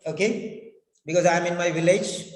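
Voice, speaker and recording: Male pronunciation teacher, high pitch, repeats himself to coax students; echoey room with a long reverb tail. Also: fairly even intonation, normal speed. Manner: repeats words and phrases, coaxing students to respond. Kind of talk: online class teaching. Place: in his village.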